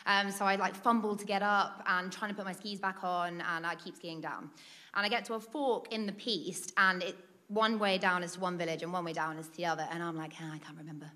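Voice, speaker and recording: A woman's voice: on the low side, fairly even intonation, a little fast, sharp tone. A British woman telling a comic personal story, chatty and laughing often, acting out what people said. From Britain.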